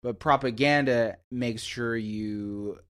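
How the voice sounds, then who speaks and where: A man's voice: mid-range voice, slow, fairly bright tone, clean tone. A man giving short, opinionated remarks in a casual movie chat.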